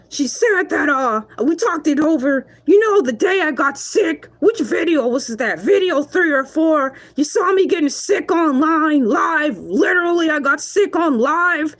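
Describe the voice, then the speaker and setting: Hercules, a cocky shark who hosts his own live show, put on by a woman. His voice sits very high and quavers as he rants in mock outrage, then cracks up laughing. He boasts about himself and chats straight to his viewers. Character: brash self-proud male shark show host. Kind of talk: live-stream comedy monologue.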